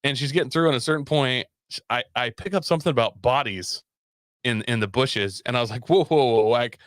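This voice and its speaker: A man casually telling a story on a talk show, animated and profane, laughing often. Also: medium pitch, quick pace, dry recording, clean studio sound. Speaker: podcast guest telling a story.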